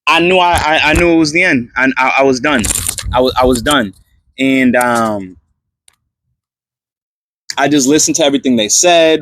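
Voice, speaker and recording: Young male storyteller, slightly high-pitched, animated slangy delivery, dry close sound. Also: a little fast, no room sound. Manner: animated, slangy, many fillers and restarts. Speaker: vlogger telling a personal story. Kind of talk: casual storytelling testimony.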